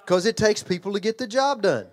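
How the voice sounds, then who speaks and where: A man's voice: sits high, animated, a little fast. An older man preaching a sermon in an emphatic, conversational way, repeating phrases, restarting lines and asking the congregation questions. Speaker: pastor and children's ministry trainer.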